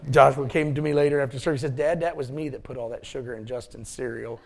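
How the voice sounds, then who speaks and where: A man's voice: medium pitch, fairly even intonation, quick pace, gravelly. A man preaching a sermon, joking with his congregation between points. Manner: folksy, joking asides to the congregation. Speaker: pastor.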